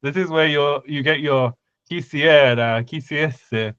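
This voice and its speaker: A man's voice: on the high side, slow pace, a bit bright, clean tone, no echo, dull audio. A man co-hosting a podcast, chatting casually and teasing his co-host. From United Kingdom. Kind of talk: casual chat.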